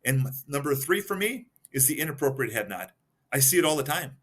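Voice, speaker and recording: Bright-voiced man explaining behavior cues. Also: medium pitch, sing-song, brisk, husky. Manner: explains step by step, numbering points and giving examples. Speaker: guest expert in behavioral analysis. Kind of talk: casual podcast explanation.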